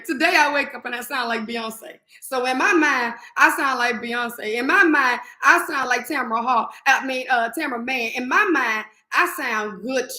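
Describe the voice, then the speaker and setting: A woman with a high, pushed, bright voice hosts a faith-filled morning live stream, exuberant and preachy as she bursts into song and affirmations. Her voice sounds reverberant.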